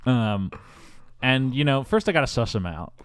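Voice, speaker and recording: A man hosting a podcast, telling a story in a mock-grandiose, animated way in casual chat. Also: mid-range voice, moderate pace, clear, resonant tone, dry recording, clean studio sound. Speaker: podcast host.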